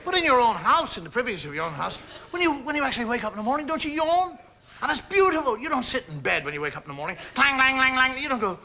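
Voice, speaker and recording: A stand-up comedian, a man with a strikingly high voice, talks to a live audience in an easy, conversational way. His delivery swoops up and down as he acts out everyday gestures and sounds, and the recording carries steady background noise. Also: rapid-fire, creaky. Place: stage before a live audience.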